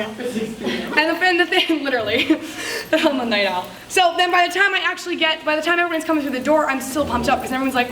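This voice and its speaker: A woman's voice: high voice, fast talker, noisy background. A woman from upstate New York giving a chatty, upbeat motivational talk at a sales summit, acting out party small talk and laughing often. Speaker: direct sales speaker at a summit. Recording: echoey hall, mic from a distance.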